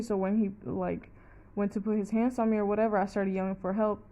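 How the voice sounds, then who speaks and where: A woman's voice: mid-range voice, little pitch movement, normal speed, dark tone, poor audio. A young woman telling a personal story casually, rambling, with many "like"s and plenty of swearing. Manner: rambling, fillers of "like", heavy swearing.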